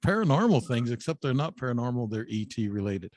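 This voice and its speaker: A man's voice: mid-range voice, very animated, fast, darkish tone, dry recording, clean studio sound. A man hosting an interview, chatting casually and wrapping up a segment. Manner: brief backchannels, chatty. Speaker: interview host.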